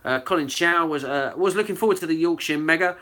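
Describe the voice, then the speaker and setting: A man's voice: on the high side, fast, sharp tone. A man hosting a casual live video hangout, chatting loosely with lots of fillers and reading out viewer comments. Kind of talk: casual live-stream chat.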